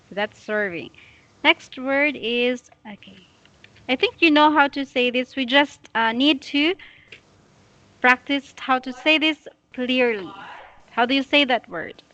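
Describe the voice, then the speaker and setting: Slow, bright-voiced woman tutor. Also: high-pitched. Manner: patient, slow, corrects pronunciation carefully. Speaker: English tutor. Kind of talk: one-on-one pronunciation lesson. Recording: dull lo-fi audio.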